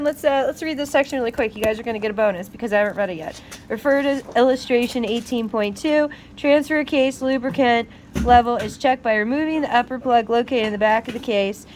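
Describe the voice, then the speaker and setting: A woman vlogger casually explaining car repair while reading a manual aloud, chatty and animated with frequent laughs and exasperated asides. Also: fairly high pitch, quick pace, slight background noise.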